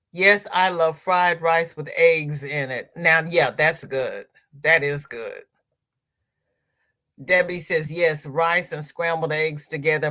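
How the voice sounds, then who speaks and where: A woman's voice: deep voice, a bit bright. A woman hosting a crochet livestream, chatting casually as she reads viewer comments aloud and answers them.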